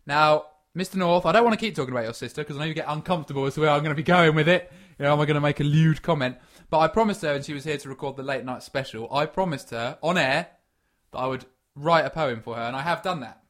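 A man's voice: on the high side, fast, a bit bright. A man co-hosting a comic podcast, reading out a news story and joking around, sometimes mock-quoting in put-on voices. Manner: jokey, mock-reads quotes in put-on voices. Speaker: podcast co-host.

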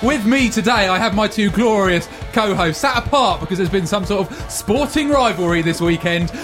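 A man's voice: sits high, lively intonation, moderate pace, fairly bright tone, soft background music. A young man hosting a comedy podcast with his friends, doing mock-grand introductions and joking and laughing a lot. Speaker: podcast host. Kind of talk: casual comedic podcast banter.

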